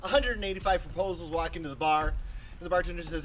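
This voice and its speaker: A man's voice: a little high, fast talker, a bit bright, slight background noise. A man performing improvised comedy, playful and giggly, at times in a mock-instructor tone.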